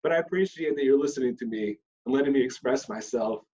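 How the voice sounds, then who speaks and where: A man co-hosting a podcast, talking in a relaxed, candid way in a casual religious discussion. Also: medium pitch, fast, recorded from a distance. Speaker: podcast co-host. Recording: dull audio, a bit off-mic.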